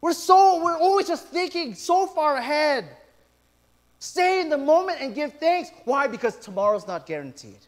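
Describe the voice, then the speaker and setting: A middle-aged man preaching from the pulpit in a fairly high voice. He tells stories with animated asides, acting out what people said. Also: moderate pace. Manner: animated storytelling with quoted asides. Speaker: pastor. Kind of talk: sermon.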